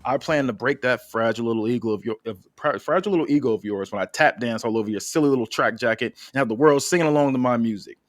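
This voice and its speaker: A man's voice: mid-range voice, fast talker, few pauses, no echo, studio quality, natural voice. A man voicing a cocky, cheerful male pro wrestler who taunts his rival in a raised, confident voice. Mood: smug.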